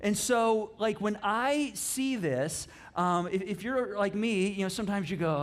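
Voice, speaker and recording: A middle-aged man, a pastor, giving a conversational sermon with lively asides and frequent restarts. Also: sits high, unhurried. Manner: animated and chatty, with many restarts and asides.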